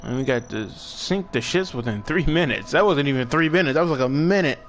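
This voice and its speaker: A man's voice: medium pitch, animated, brisk, faint music behind. A young man chatting casually as he streams a game, laid-back and thinking aloud while he plays. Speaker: gaming streamer. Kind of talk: casual live gameplay commentary.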